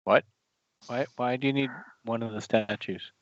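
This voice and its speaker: A man's voice: medium pitch, fairly even intonation, moderate pace, no echo. Dry-joking man playing a tabletop game. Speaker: player. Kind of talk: tabletop role-play. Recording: lo-fi stream audio with faint noise.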